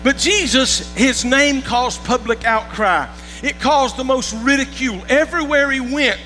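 A high-pitched man preaches a folksy sermon, often stumbling over repeated words and asking if the congregation is with him. His voice is sharp and very bright, and it rings with long reverb over faint music and a mains hum. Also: unhurried. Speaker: pastor.

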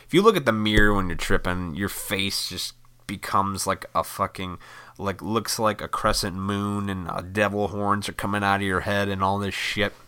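A man's voice: on the low side, normal speed, bright, forceful tone, clear, resonant tone. A man casually telling a rambling personal story with lots of swearing, and often laughing at himself. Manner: rambling, profane, laughs at his own story.

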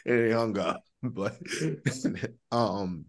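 A man's voice: lowish voice, extremely slow. A man co-hosting a podcast, telling stories in casual chat, laughing often and swearing freely. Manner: laughing, animated storytelling, heavy swearing. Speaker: podcast co-host.

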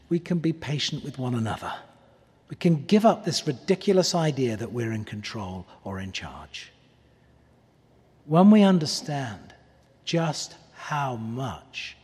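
A man preaching a sermon, earnest and pleading, often letting his voice drop softly on key words. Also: sits high, slightly rough. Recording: long reverb of a large hall.

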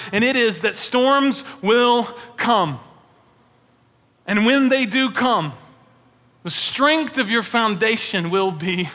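A man in his thirties, a pastor giving an emphatic sermon that sometimes swings up high and at other times falls to a hushed prayer, in a church sanctuary. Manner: emphatic, rising to animated peaks then dropping to a hushed prayer. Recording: long church hall reverb.

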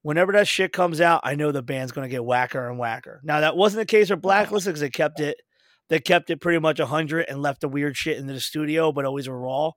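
Profane, animated man telling stories. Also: a little high, brisk, no echo, clean studio sound. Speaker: host. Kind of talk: casual podcast chat.

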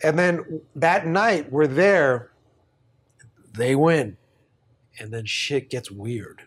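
A man's voice: on the high side, drawn-out words, slightly rough. A man hosting a podcast, telling a story in a casual, profane way and often laughing. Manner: animated, profane, laughs while telling stories. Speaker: podcast host.

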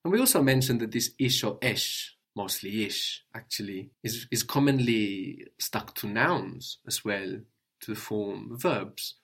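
A man teaching a language lesson, patiently prompting his student with questions and gently correcting answers. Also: on the low side, animated, a little slow, creaky, husky.

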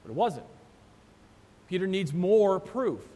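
A pastor preaching a sermon, retelling the story with animated voices for the disciples. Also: male voice, slow. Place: church sanctuary. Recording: long church reverb, faint rumble.

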